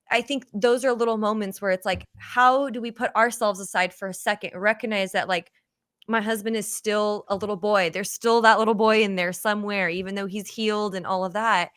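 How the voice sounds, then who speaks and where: A woman with a bright, clear voice hosts a relationship podcast, telling anecdotes earnestly and leaning on fillers as she goes. Her pitch sits at a middle level. The sound is dry and close, with little room around it. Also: fairly even intonation, normal speed, no room sound. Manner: earnest storytelling, heavy with fillers like "you know". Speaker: podcast host. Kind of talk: casual podcast conversation.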